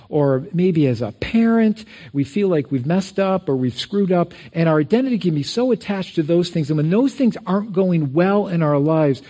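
A mellow-voiced, middle-aged man, a bit higher in pitch than the typical male, preaches from a church sanctuary. He keeps the sermon relaxed and chatty, drawing on his own stories and looping back over his points.

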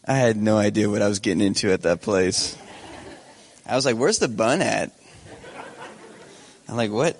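A young man speaking as a guest missionary preacher, earnest and chatty with a self-deprecating humor. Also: lowish voice. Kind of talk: sermon.

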